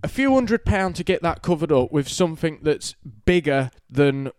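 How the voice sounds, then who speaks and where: A man's voice: fairly high pitch, expressive, moderate pace, a little mellow, clear, resonant tone, no echo, clean studio sound. A man co-hosting a casual podcast as a tattoo artist, telling stories in a joking, rambling way. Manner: joking storyteller, rambling and cheeky. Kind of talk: casual chat.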